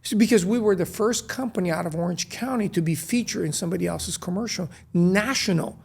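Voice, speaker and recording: A man telling stories as an interview guest, lively and acting out the dialogue he recalls. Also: high-pitched, a little fast, creaky, breathy edge. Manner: lively, acts out quoted dialogue. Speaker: guest, restaurant co-founder. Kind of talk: animated storytelling in conversation.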